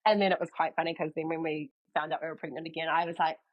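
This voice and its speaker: A woman's voice: deep voice, fast, muffled recording. A young woman with a New Zealand accent, a podcast guest telling a personal story in casual chat and acting out what people said. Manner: animated storyteller, acts out quoted lines.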